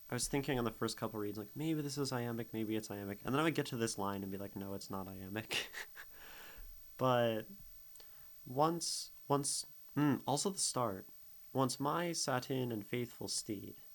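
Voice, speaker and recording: A man's voice: medium pitch, creaky, a bit bright, rough recording. A man streaming as a poetry critic, thinking aloud in a casual way and sounding out rhythms and syllables as he reads lines. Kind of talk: casual livestream poetry analysis.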